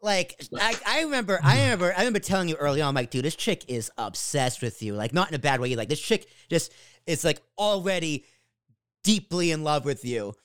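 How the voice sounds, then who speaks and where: A man with a fairly high, smooth voice, hosting a casual podcast on a dry, close-sounding mic. He banters with his guest, lively and quick to swear. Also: no room sound. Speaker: podcast host. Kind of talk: casual chat.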